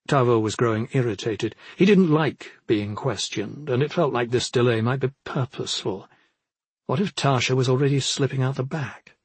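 A man narrating an audiobook in a steady, even way, his mid-range voice slightly husky. The sound is dry and close, with no room echo. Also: mid-range voice, normal speed.

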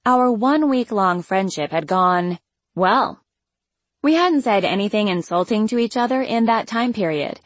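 Woman, first-person audiobook narration, wry, lively intonation, dry close recording. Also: mid-range voice, normal speed, no room sound.

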